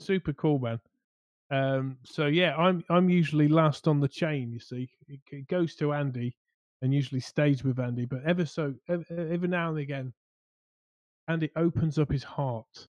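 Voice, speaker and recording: A man's voice: a little high, steady tone, moderate pace, a little mellow, no echo, highs cut off. A man co-hosting a casual hobby chat show, rambling and restarting his sentences as he weighs his options. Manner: rambling, hesitant, many restarts. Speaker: co-host.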